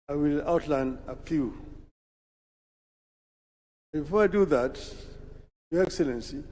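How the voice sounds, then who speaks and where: A Kenyan man giving a formal prepared speech at a national celebration, in measured, deliberate oratory with pauses. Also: on the high side, a little mellow. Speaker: political speaker. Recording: long hall-like reverb from PA.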